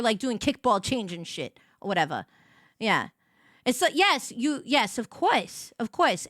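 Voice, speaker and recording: A woman's voice: mid-range voice, fairly bright tone, no echo, clean studio sound. A woman hosting a casual morning livestream, rambling and giggling as she chats with viewers and her dog. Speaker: livestream host.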